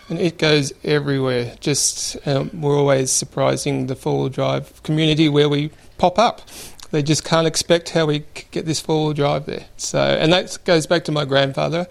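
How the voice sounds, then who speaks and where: A man in his fifties with an Australian accent, telling family stories in a relaxed, rambling way with many fillers. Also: fairly high pitch, gravelly. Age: 50s. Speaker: interviewee. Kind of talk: relaxed storytelling.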